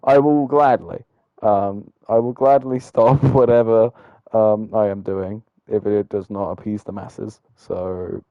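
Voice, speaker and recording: A man's voice: lowish voice, steady tone, slow, no echo, phone-quality sound. A man giving casual live commentary on a sim race, with lots of filler ums and a loose, chatty way of talking.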